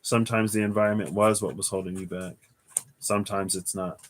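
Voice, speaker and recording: A man giving a casual livestream tarot reading, thinking aloud in a rambling way with restarts and soft chuckles. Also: fairly low pitch, level tone, a little fast, slight background noise. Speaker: tarot reader.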